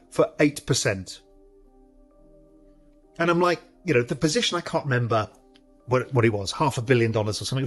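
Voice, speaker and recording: A man tells a trading story in a slightly husky voice, animated and casual, acting out the voices on the other end of the phone. Faint music plays underneath. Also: a little high. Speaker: interview guest, former trader. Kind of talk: storytelling anecdote.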